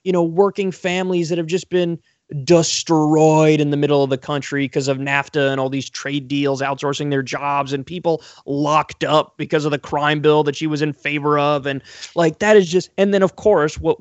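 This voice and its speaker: A man's voice: a little high, little pitch movement, normal speed, dry recording, muffled recording. A man hosting a political commentary talk show, ranting sarcastically and swearing freely.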